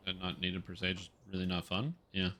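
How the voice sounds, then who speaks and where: Bright-voiced male game streamer. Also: deep voice, a little fast, a little hiss or hum. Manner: rambling, excitable, swears casually. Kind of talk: casual gameplay commentary.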